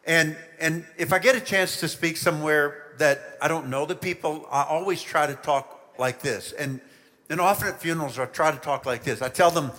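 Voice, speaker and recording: A man preaching a children's sermon, telling the story with lively emphasis and asking the listeners questions. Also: on the high side, long reverb tail. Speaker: pastor.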